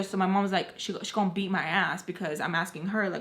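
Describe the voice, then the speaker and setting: Young adult woman, low-voiced, casual storytime vlogger, swears freely, emphatic. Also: fairly even intonation, fast, hardly any pauses, fairly bright tone. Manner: profane, emphatic, constant "like" fillers.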